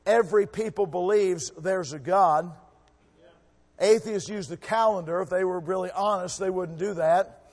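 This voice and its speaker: A male missionary preacher giving a revival sermon, emphatic, shifting between loud exhortation and quiet asides. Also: high voice. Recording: echoey hall with long reverb.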